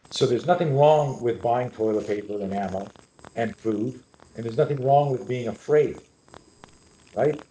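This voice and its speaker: A man's voice: mid-range voice, mellow. Intense, profane middle-aged man in an echoey room. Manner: intense, profane, emphatic storytelling. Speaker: self-defense expert guest. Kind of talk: podcast interview.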